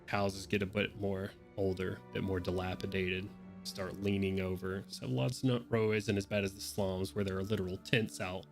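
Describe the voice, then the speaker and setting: Low-voiced casual dungeon master. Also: male voice, level tone, moderate pace, soft background music. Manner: casual, rambling, swearing. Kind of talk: narrating a tabletop game.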